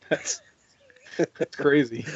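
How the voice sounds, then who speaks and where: A man hosting a podcast, talking in a relaxed and reflective way. He chuckles softly and repeats words while he works out a thought. The sound is a bit muffled. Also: on the high side, drawn-out words, breathy edge. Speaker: podcast host. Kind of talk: casual chat.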